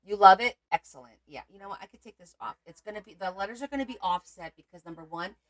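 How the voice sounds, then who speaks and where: A woman's voice: medium pitch, quick pace. A woman hosting a casual crafting livestream, chatting to viewers as she shows her work.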